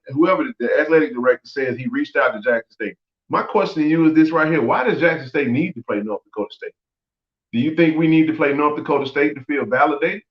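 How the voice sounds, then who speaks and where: A man hosting a sports podcast, giving blunt, opinionated talk and repeating phrases for emphasis. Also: on the high side. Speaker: podcast host. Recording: echoey, dull lo-fi audio.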